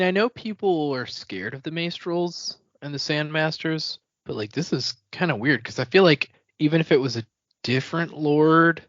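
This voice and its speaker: A man's voice: on the high side, a bit bright, no room sound. A man co-hosting a podcast, chatting casually and hedging his opinions. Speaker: podcast co-host. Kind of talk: casual chat. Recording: dry, dull lo-fi sound.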